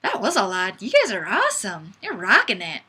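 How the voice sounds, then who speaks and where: A woman's voice: mid-range voice, wildly swooping pitch, moderate pace, pushed and bright, husky. A woman hosting a webcam chat, reading viewer comments aloud in a playful, giggly, sing-song way into a webcam microphone.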